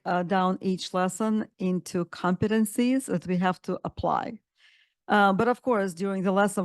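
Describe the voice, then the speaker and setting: A woman coaching instructor presenting a webinar with enthusiasm, often pausing with fillers and restarting phrases. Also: mid-range voice, a little mellow, no room sound.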